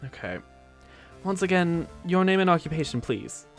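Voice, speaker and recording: A man voicing a stern older male judge who speaks slowly and formally. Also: fairly high pitch, animated, a bit bright, soft background music.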